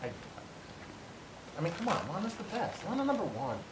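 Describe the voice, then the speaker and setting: A man's voice: sits high, wildly swooping pitch, brisk. A man co-hosting a casual wrestling podcast, chiming in with dry, teasing asides. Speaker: podcast co-host. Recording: echoey room with faint hum.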